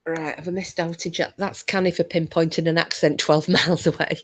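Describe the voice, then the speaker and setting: Chatty low-voiced woman. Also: little pitch movement, fairly quick. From England. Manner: chatty, swears freely, laughs often. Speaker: livestream host. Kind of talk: casual live chat.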